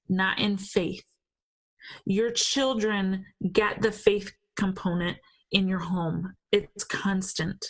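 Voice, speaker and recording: Slow, earnest woman in her forties. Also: medium pitch, rough recording. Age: 40s. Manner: earnest and encouraging, gentle restarts. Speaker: guest. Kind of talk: faith-based interview talk.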